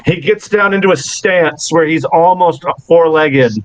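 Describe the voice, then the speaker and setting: A man's voice: a little high, unhurried, low-quality recording. A man narrating a tabletop role-playing game as game master, breaking into laughs between rambling descriptions.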